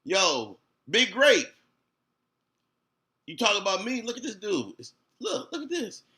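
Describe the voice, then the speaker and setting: High, bright-voiced man in a profane rant. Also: wildly swooping pitch, measured pace. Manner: profane, confrontational, repeats himself. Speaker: streamer. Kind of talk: heated livestream rant.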